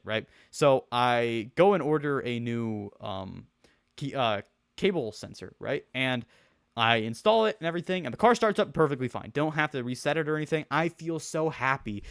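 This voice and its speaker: A man's voice: mid-range voice, no echo, studio quality. A young man telling a rambling, slangy story with many restarts and swearing, as a streamer. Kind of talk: casual storytelling rant.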